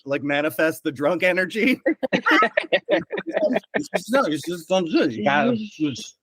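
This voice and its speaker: A young man, the game master, chatting casually on a podcast, relaxed and quick to laugh, often trailing off mid-sentence. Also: sits high, slightly rough, no room sound.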